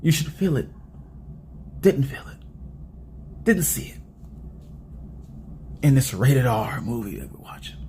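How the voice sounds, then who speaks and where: A young man giving a casual movie review in an animated, rambling and joking way. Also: mid-range voice, takes it slowly, pauses often, a little hiss or hum.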